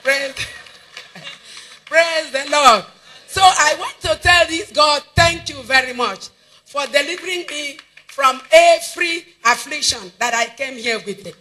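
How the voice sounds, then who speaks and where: Very high, slow Nigerian man, distant. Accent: Nigerian English. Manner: loud, drawn-out praise. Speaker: church member giving testimony. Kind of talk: church testimony. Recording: far from the mic with music.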